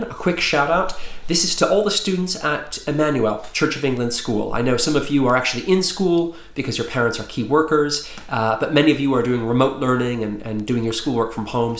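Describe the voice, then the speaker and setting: A man reads his children's book aloud in a friendly, lively storytelling manner, at a middle pitch for a man. He keeps the tone upbeat for young listeners. The recording has a noticeable roomy echo.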